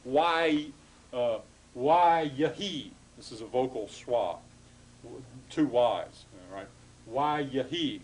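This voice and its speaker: Halting male lecturer with many fillers. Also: mid-range voice, a little mellow, rough recording. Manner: halting, frequent uh fillers, self-correcting. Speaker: Hebrew grammar lecturer. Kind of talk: classroom lecture.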